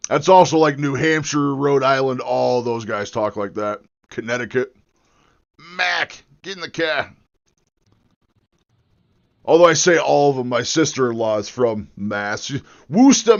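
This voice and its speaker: A man's voice: mid-range voice, gravelly, dull audio. An American man livestreaming while he edits a video, chatting in a rambling, joking and profane way. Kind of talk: live-stream chat while video editing.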